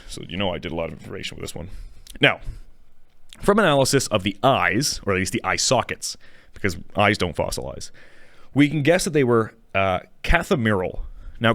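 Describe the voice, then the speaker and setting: A man with a fairly low voice hosts a relaxed educational show, wandering through his points and stopping to correct himself. He chuckles now and then. The recording is dry, with no room echo. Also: vocal fry. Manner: rambling, self-correcting, chuckling. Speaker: show host. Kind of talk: casual educational talk on dinosaurs. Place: small studio.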